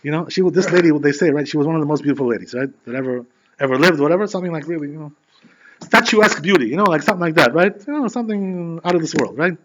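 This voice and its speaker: A man who is a rabbi, telling a story in a sermon in an animated, chatty way, full of filler phrases. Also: on the high side, very fast, a little hiss or hum. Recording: dull lo-fi recording.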